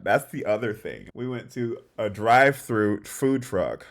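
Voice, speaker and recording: A man's voice: on the low side, measured pace. A man co-hosting a relationship podcast, talking casually and acting out little stories with quoted lines. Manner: animated storytelling, acts out quotes. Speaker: podcast co-host. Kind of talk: casual conversation about relationships.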